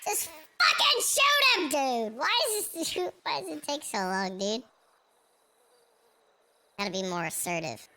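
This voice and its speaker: A man voicing a shrill, excitable role-play character through a voice changer, yelling, giggling and swearing. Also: a little slow, long pauses, a little hiss or hum, full character voice. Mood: impatient.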